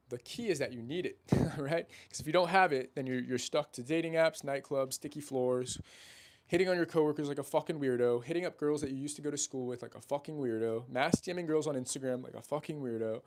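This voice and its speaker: A young man talks casually and brashly about dating, pitching his coaching with plenty of swearing. He drops into quick impressions of his friends along the way. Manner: brash, profane and salesy; acts out friends' voices in quotes. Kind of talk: casual talking-head monologue.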